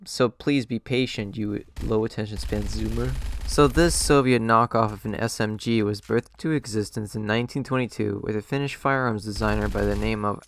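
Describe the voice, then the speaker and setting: A man's voice: on the low side, slight background noise. A man giving a jokey, sarcastic game review commentary over gameplay. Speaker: gaming channel host.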